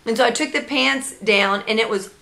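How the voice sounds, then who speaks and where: A young woman vlogging about her baby, chatty and animated, slipping into sing-song baby talk. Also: a little high, normal speed, gravelly. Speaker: mom vlogger, founder of a parenting blog. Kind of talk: casual storytelling vlog.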